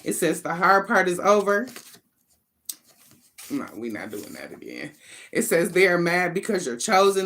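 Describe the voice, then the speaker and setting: A woman's voice: lowish voice, a bit bright. A woman giving a casual spiritual card reading to her viewers, blunt and profane, talking in emphatic, sassy bursts and thinking aloud between them. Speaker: tarot card reader.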